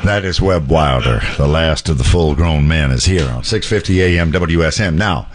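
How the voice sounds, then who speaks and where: A man's voice: a bass voice, expressive, normal speed, loud music behind the voice. A man hosting a casual morning radio show, joking with guests and reading ad copy. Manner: jokey, laughs often, reads ad copy. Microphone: studio microphone.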